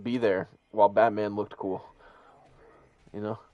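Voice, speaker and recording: A man's voice: lowish voice, flat delivery, unhurried, no room sound, muffled recording. A young man chatting casually while gaming, slangy and profane, laughing often. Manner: slangy, profane, laughs a lot, says "bro".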